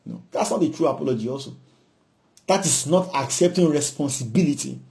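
A man's voice: a little high, a little fast, gravelly, darkish tone. A man with a Nigerian accent preaching a sermon, emphatic, repeating points and punctuating with hallelujah.

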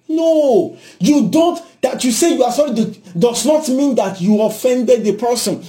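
A man with a Nigerian accent preaching a sermon, exhorting and shifting between loud and hushed. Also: extremely high pitch, lively intonation, measured pace, hardly any pauses.

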